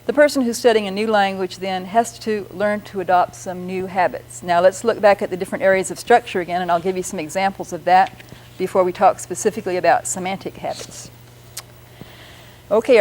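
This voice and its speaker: A woman's voice: medium pitch, rough recording. Woman patiently explaining linguistics. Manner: patient and explanatory, slowing down to demonstrate sounds. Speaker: linguist lecturer on a radio show. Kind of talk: explanatory radio talk on linguistics.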